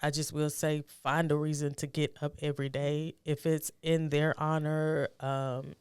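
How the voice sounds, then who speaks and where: A middle-aged woman speaking as a guest, telling a personal story in a soft, halting, reflective way and becoming urgent when she gives advice. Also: deep voice, level tone, clear, resonant tone, no echo.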